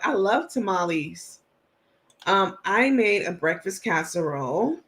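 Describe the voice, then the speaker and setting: Chatty woman from New York City. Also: mid-range voice. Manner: chatty and relaxed, frank, laughs easily, many ums. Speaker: livestream host. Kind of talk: casual livestream chat, reading viewer comments.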